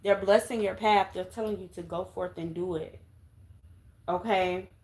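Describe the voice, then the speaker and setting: A woman's voice: mid-range voice, steady tone, normal speed, darkish tone. A woman giving a casual tarot reading to viewers, coaxing and emphatic, dotting her talk with "okay?". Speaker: tarot reader.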